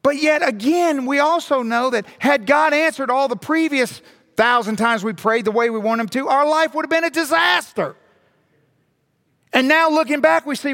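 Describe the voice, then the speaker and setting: Animated high-voiced male preacher, echoing hall. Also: moderate pace. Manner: animated, rhetorical questions, repeats for emphasis. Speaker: pastor. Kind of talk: sermon. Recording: long hall reverb.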